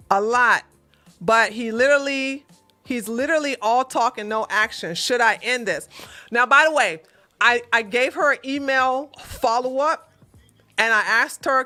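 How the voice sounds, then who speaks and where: A woman hosts a relationship advice livestream, reading a viewer's letter and then answering with blunt, mocking sass. Her voice sits a little high, with a bright, forceful edge. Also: a little slow, faint music behind. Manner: blunt, sassy, mocking, laughing often.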